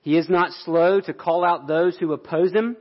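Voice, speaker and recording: A man's voice: high voice, steady tone, moderate pace, muffled recording. A man pastor delivering a sermon in an earnest, explanatory way.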